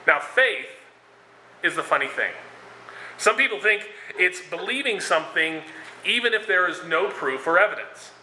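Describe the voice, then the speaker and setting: A man's voice: high-pitched, expressive, normal speed, sharp tone, a little hiss or hum. A man giving a conversational sermon, with frequent fillers and restarts as he explains scripture and tells a story. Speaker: preacher. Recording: echoey room.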